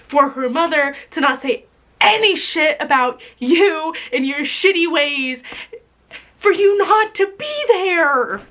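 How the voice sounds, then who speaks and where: A woman's voice: sits high, unhurried, a bit bright. A young woman venting straight to camera, bitterly sarcastic and swearing, her voice sometimes breaking. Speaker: vlogger. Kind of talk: emotional direct-to-camera rant.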